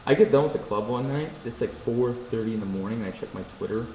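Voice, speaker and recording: A man with a dark, mid-range voice talks quickly while hosting a live stream, chatting casually with viewers, joking, and reading chat messages aloud. He's in an echoey room with faint ambient noise.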